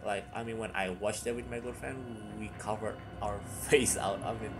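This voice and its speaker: A man giving a casual vlog review of a horror film, rambling and excitable, with sudden loud bursts. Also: on the low side, moderate pace, over music.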